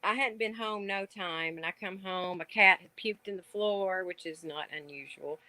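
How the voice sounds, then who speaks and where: A woman's voice: fairly low pitch, moderate pace, sharp tone, dry recording. A woman from Kentucky with a Southern accent, talking casually as a guest on a live stream call, rambling with lots of "like". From Kentucky, USA. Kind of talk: casual chat. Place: outdoor patio at night.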